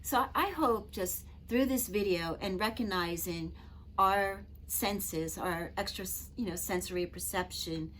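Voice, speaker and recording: Middle-aged woman, spiritual healer, gentle and earnest, slightly low voice, faint hum in the background. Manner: earnest, gentle, chatty with frequent "you know". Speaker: Reiki master and spiritual teacher. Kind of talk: personal storytelling to camera.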